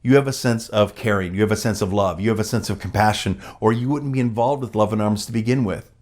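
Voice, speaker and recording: A man giving a storytelling speech at a gala, animated and acting out the quoted dialogue of others. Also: on the low side, fast talker. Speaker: gala speaker.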